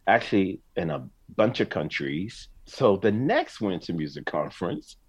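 A man's voice: low-pitched, unhurried, breathy edge. A middle-aged man, a songwriter and singer, telling stories in an interview with emotion and frequent laughter. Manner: animated, emotional storyteller, laughs often. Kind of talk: casual storytelling interview.

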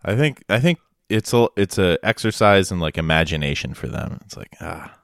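A man's voice: low voice, animated, moderate pace, dry recording, studio quality. A man telling rambling, sarcastic stories in a casual chat with a friend. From Massachusetts.

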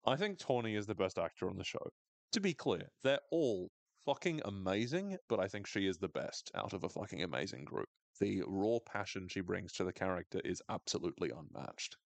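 Low-voiced sweary man recapping a show. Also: a little fast, creaky, no room sound. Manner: animated, sweary and wry. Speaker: podcast co-host recapping a TV episode. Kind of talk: casual recap chat.

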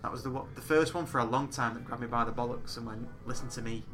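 A man in his thirties chatting casually on a podcast, animated and quick to swear and laugh. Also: mid-range voice. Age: 30s. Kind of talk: casual chat.

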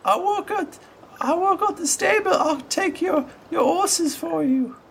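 A man's voice: very high-pitched, a little slow, creaky, a little hiss or hum, pitched above the performer's own voice, full character voice. A man voicing a small eager boy with a crutch and a cough, in a tabletop game. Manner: eager, coughing, insists he is strong.

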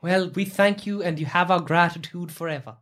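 A woman playing a tabletop game in character, lively and quick to laugh. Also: on the low side. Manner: lively and giggly. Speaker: player.

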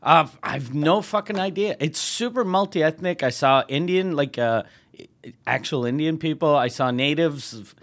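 A male comedian and podcast host tells anecdotes in a casual, profane way, laughing along as he goes. His voice is a little high and a bit bright, and he speaks a little slowly.

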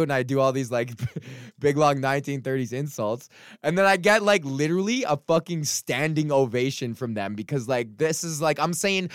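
A man's voice: medium pitch, fast talker, clear, resonant tone, no echo, studio quality. A man hosting his podcast, ranting casually and swearing a lot, rambling with fillers and restarts, with a lingering cough. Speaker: podcast host, stand-up comic.

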